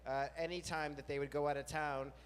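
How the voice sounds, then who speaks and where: A man hosting a live storytelling night, chatty and self-mocking, jumping into silly high voices when he quotes himself. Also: flat delivery, fairly quick, smooth. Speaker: host. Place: large music venue with live audience. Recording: long venue reverb, faint room noise.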